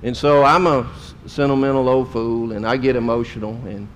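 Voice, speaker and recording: A man's voice: medium pitch, steady tone, a little fast, a little hiss or hum. A middle-aged man, a pastor telling a story in a sermon in a folksy, emotional way. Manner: folksy, emotional storytelling with drawled Southern phrases.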